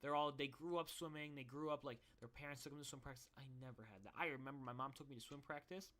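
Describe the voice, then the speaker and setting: Fast-talking with a sharp tone at medium pitch, this young man vlogs through a casual, meandering run of stories. Self-deprecating humor runs throughout.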